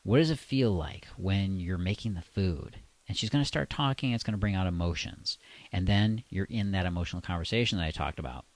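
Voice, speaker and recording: A man coaching, speaking slowly and deliberately in a deep, resonant voice with long pauses. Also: no echo. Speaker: dating coach. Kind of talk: instructional monologue.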